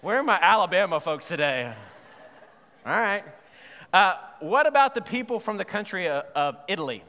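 A man preaching a sermon in a playful, lively way, quizzing his audience as he goes. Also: high voice, moderate pace, big-room sound. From Southern United States. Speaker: pastor.

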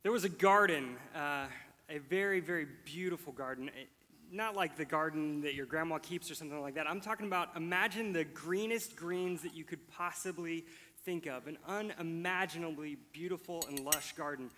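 A man co-hosting a podcast, explaining scripture in a relaxed way, laughing easily. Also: fairly high pitch, moderate pace, in a large hall. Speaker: podcast co-host teaching scripture. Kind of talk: casual podcast Bible teaching.

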